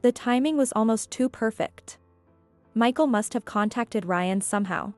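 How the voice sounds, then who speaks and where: A woman narrating a scripted first-person story in a calm, measured way. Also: a little high, dry recording. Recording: dry with faint music.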